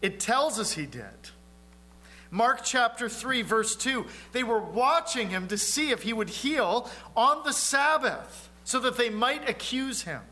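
A man preaching a sermon in an earnest, conversational way, asking his listeners questions and sometimes dropping to a low, quiet voice for emphasis. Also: expressive, unhurried. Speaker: pastor.

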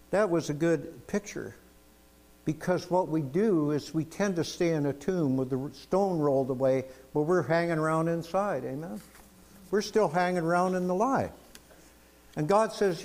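A man's voice: on the high side, a little mellow. Man preaching a storytelling sermon. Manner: storytelling, emphatic, asks "amen?". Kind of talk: sermon with testimonies.

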